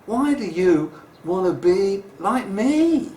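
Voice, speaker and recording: Man doing a show-off peacock, slow swooping voice, echoey room. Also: high-pitched, very animated, darkish tone, a little hiss or hum, pitched above the performer's own voice, heavily acted. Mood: wistful. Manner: showy, preening storybook voice. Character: vain, proud peacock who cannot fly.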